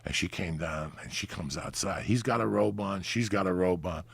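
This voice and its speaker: A middle-aged man telling a raunchy, profane comic story in animated fashion. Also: sits low, moderate pace, vocal fry, breathy edge, no echo. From New Jersey, USA. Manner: profane, animated, acts out voices. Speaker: podcast guest storyteller.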